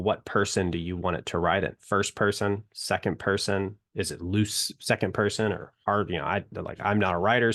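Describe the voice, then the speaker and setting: A man with a low, deep voice gives a relaxed, conversational lesson. He talks loosely, with plenty of fillers and restarts. He addresses his viewers directly. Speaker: instructor explaining prompting. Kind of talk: casual explanatory talk to viewers.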